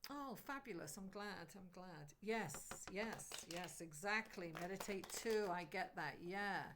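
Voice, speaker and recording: A middle-aged woman doing a live tarot reading. She talks in an animated, chatty way and speaks directly to her viewers. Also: on the low side, noisy background. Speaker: astrologer and tarot reader.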